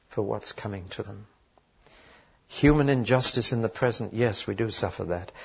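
Husky man preaching a sermon. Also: lowish voice, fairly bright tone. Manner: emphatic, varied delivery with dramatic pauses. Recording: dull lo-fi recording.

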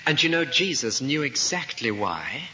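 A man's voice: medium pitch, sing-song, moderate pace, pushed and bright. A man preaching an expository sermon, thoughtful and given to rhetorical questions. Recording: dull lo-fi recording with faint hiss.

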